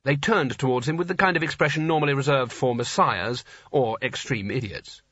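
A man reading a story aloud as an audiobook narrator, in a dry, even storytelling manner. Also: medium pitch, a little fast, breathy edge, no echo. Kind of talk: scripted narration. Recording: slightly dull lo-fi recording.

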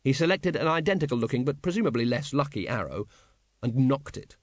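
A man narrating an audiobook with lively, expressive storytelling. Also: medium pitch, a little fast, no echo, studio quality.

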